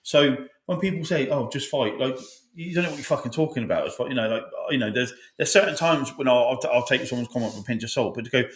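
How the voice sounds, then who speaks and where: A man's voice: medium pitch, quick pace, hardly any pauses. A man, a father, co-hosting a podcast, talking emotionally with lots of swearing and restarts. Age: adult father. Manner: emotional, swears a lot, many restarts and fillers. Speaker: podcast co-host. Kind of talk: casual podcast chat. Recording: echoey room.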